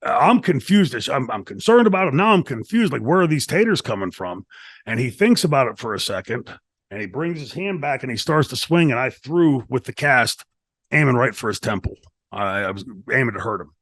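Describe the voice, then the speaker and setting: A middle-aged man tells a backstage wrestling story in an animated, profane way, acting out what people said along the way. His voice sits at an ordinary male pitch. The studio sound is dry and close. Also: brisk, dry recording. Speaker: retired wrestler telling a story. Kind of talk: shoot interview storytelling. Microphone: studio mic.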